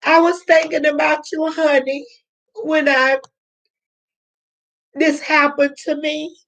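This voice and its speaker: Older lady live streaming, high voice, slow and teary, calls folks honey. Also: level tone, gravelly, fairly bright tone, rough recording. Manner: slow, emotional, near tears. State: tearful. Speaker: channel host. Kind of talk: live-stream chat with viewers.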